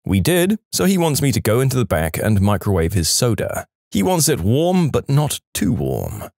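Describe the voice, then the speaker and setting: A man narrating a string of reader-submitted service-job stories in a wry, deadpan way. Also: mid-range voice, moderate pace, creaky, no echo, clean studio sound.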